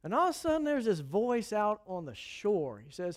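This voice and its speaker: A man preaching a sermon in a chatty, animated storytelling way, adding asides and chuckles. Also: high-pitched, normal speed.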